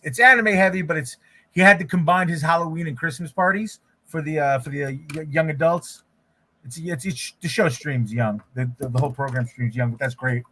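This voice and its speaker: A man's voice: a little high, a bit bright. A man hosting a casual livestream while drawing, talking in a loose, rambling way with frequent restarts. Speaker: livestream host, artist.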